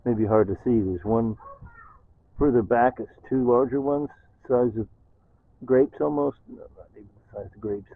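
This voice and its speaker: An older man vlogging casually at home, excitedly showing his tomato plants and repeating exclamations, filmed on a camera held close. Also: medium pitch, normal speed, gravelly, long pauses, dry recording. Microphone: phone camera held close. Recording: dry tinny phone-like audio.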